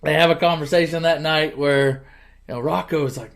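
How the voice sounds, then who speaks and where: Animated man casually retelling a movie. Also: a little high, fairly quick, creaky. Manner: animated, chuckling, conversational. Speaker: channel host.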